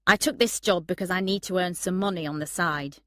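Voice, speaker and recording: Young comedian guy, quick, easygoing, read by a woman narrator. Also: fairly low pitch, a bit bright, no echo, clean studio sound, natural voice. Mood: chatty. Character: young male comedian, cheerful.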